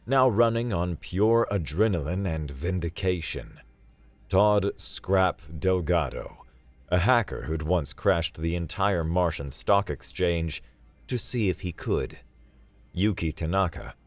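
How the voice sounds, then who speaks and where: A man narrating a sci-fi story in a dry, steady storytelling manner. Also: low voice, no echo. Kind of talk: scripted narration.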